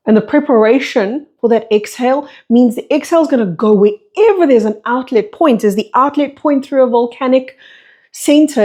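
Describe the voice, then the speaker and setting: A woman's voice: on the high side, dark tone. A woman speaking as a spiritual teacher and breathwork facilitator, delivering a flowing monologue full of repeated rhetorical questions.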